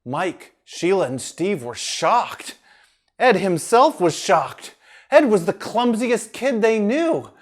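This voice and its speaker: A man narrating a children's story in an animated, playful way. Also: high voice, slow pace.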